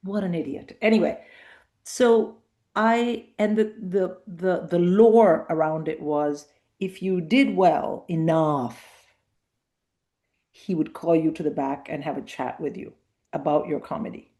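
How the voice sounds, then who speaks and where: A woman's voice: fairly low pitch, measured pace, warm tone. A middle-aged woman comedian telling anecdotes in a casual interview, acting out the voices of people she quotes. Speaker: comedian guest.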